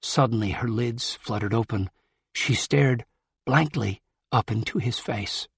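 A male audiobook narrator with a measured, grave delivery. His voice is slightly husky and he takes his time over every line. The recording is close and dry. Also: lowish voice, dry recording. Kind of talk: scripted narration.

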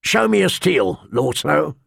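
Guy doing a cold sneery master-at-arms, sharp voice, dry close sound. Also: fairly high pitch, very animated, unhurried, vocal fry, slightly rough, dry recording, heavily acted. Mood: mocking.

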